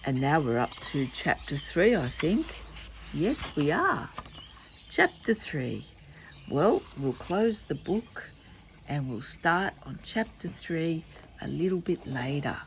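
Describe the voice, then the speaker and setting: Gentle older woman reading to kids. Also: sits low, very animated, slow, slight background noise. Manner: gentle, coaxing, talks to children. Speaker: storyteller for children. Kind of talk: reading a children's book aloud. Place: home, birds outside.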